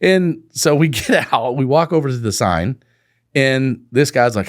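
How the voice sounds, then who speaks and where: A man's voice: medium pitch, moderate pace, no room sound, clean studio sound. A man, a company co-founder, telling a business story in a casual interview, laughing and acting out the dialogue. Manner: animated, laughing, acts out quoted dialogue.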